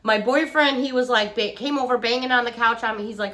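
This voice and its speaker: A woman's voice: on the high side, a little fast, pushed and bright. Chatty woman gushing over a shopping haul. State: recovering from feeling under the weather. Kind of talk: casual chat. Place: living room couch at home.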